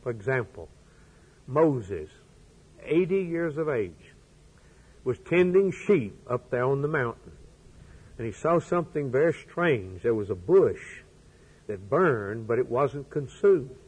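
Slow, husky-voiced male preacher. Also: mid-range voice, very animated, poor audio. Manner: dramatic, swinging between loud declarations and hushed quotes. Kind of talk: sermon.

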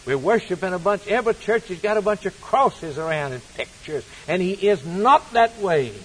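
A man preaching a sermon, swinging from loud, rising appeals to hushed, low passages. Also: expressive, moderate pace, slightly rough, rough recording.

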